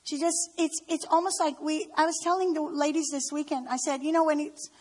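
A woman with a high-pitched voice tells stories of her family in a personal testimony talk. She speaks heartfelt and unhurried, leaning on key words. She is middle-aged. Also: steady tone, darkish tone. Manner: heartfelt, storytelling with slow emphasis. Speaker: speaker at a women's gathering.

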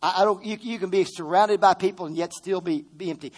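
A man's voice: high voice, fast talker, hardly any pauses. A middle-aged male pastor delivering a fervent sermon. His voice sits a little above the usual male range. He keeps calling on the congregation to answer and hammers key phrases home by repeating them. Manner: fervent preaching with call-and-response to the congregation; repeats phrases for emphasis, with frequent restarts.

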